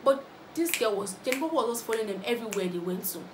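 A young woman with a Nigerian accent tells reality-show gossip at a rapid clip, slipping into the voices of the people she quotes. Her voice rings in a roomy, echoing space. Faint ambient sound sits underneath. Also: fairly high pitch, noisy background. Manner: animated gossipy storytelling, acting out others' lines. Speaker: vlogger. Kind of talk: casual reality-show recap.

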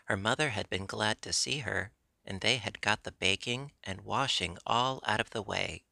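A man narrating an audiobook in a steady, measured way. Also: lowish voice, gravelly, no echo.

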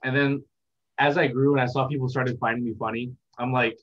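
A young man giving a casual interview as a content creator, talking in a relaxed, rambling, reflective way. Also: mid-range voice, fairly quick. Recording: dull lo-fi sound.

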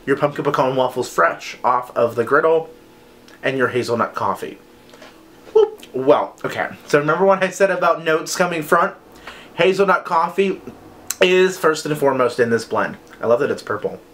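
A man's voice: a little high, lively intonation, normal speed, a bit bright. A man chatting enthusiastically and playfully as he reviews scented wax melts in a casual haul video.

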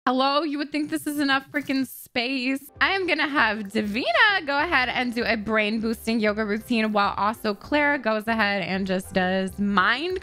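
A woman's voice: sits high, pushed and bright. A young adult woman doing dramatic let's-play commentary over a life-sim game, swearing freely, gasping and laughing. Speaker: gaming video host.

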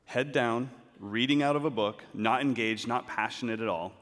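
A man with a medium-pitched voice speaks at a moderate pace during a storytelling talk in a big auditorium. He is animated and acts out the scenes, and his words echo with the hall's long reverb.

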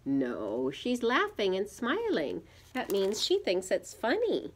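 Slow gentle woman reading to children. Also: medium pitch, huge pitch swings, slightly rough. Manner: gentle, teacherly, asks children questions. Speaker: storyteller for children. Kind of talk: picture-book read-aloud with asides.

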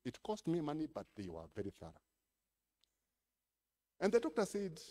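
A Kenyan man preaches a sermon and slips between English and Swahili. His voice sits a little high and moves all over its range, from low, quiet storytelling to loud, ringing calls to the congregation. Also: huge pitch swings, normal speed, pauses often. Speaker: pastor.

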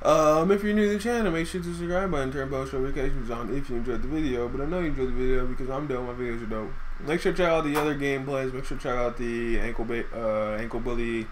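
A young man giving live commentary on his own basketball video game, getting frustrated, yelling at the game and then wrapping up with a channel outro. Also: fast talker, hardly any pauses, a little hiss or hum. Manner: self-mocking outro pitch. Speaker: gaming YouTuber.

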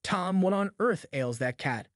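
A man's voice: high voice, lively intonation, a little slow, no room sound, clean studio sound. A man voicing a stern old aunt. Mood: suspicious. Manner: scolding, then gentle. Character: stern but soft-hearted old aunt.

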